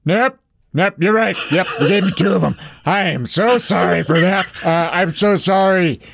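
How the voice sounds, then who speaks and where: A man voicing Tina, a gruff, domineering woman who gives orders over the phone in a tabletop game. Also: high-pitched, moderate pace, a bit bright, a little hiss or hum, voice pushed up. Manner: bossy, threatening.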